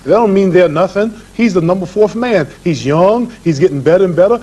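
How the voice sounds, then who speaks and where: A boxing champion lecturing and boasting in an old TV interview, with a preachy, rhythmic way of talking. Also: male voice, high voice, a little fast, warm tone, slightly rough, lo-fi sound. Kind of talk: archival TV interview talk. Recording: hissy old archive TV recording.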